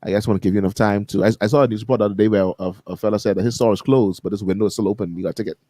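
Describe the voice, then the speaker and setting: A man's voice: fairly low pitch, steady tone, rapid-fire, dark tone, no echo. A man co-hosting a morning radio talk show, chatting casually and laughing often. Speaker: radio co-host.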